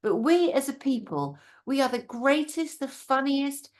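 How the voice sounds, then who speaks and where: A woman's voice: sits high, unhurried. Blunt British woman ranting at a conference. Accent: British English. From Britain. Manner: animated, sarcastic, mimics officials in mocking voices; blunt, swears freely. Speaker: conference speaker. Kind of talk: conference talk.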